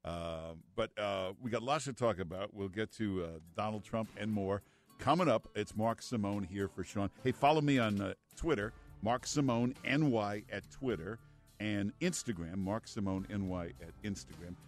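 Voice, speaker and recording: A man's voice: fairly low pitch, moderate pace, soft background music. A man with a New York accent guest-hosting a radio call-in show, teasing and joking with callers. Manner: teasing, jokey. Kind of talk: talk radio call-in banter. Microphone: studio microphone.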